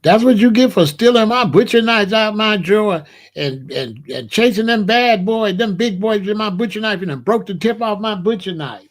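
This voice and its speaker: A man putting on the voice of his mother, loudly scolding him at a hospital bedside. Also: high voice, animated, normal speed, hardly any pauses, pitched above the performer's own voice.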